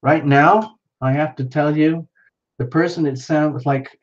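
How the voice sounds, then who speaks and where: A man's voice: on the high side, fairly even intonation, unhurried, lo-fi sound. A man hosting a casual livestream, chatting playfully with viewers and reacting to their comments. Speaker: livestream host.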